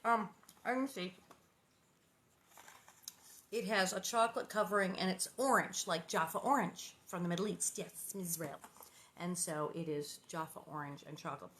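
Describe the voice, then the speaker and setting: Bright-voiced woman, chatty storyteller. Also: lowish voice, normal speed, pauses often. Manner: chatty, rambling, playful asides. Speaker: actress reading a children's novel aloud. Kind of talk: casual chat and reading aloud.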